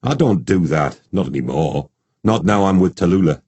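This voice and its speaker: A man's voice: deep voice, lively intonation, moderate pace, a little mellow, breathy edge, dry recording, full character voice. A man voicing an eager, naive young male cop, talking in a raised, nervous way.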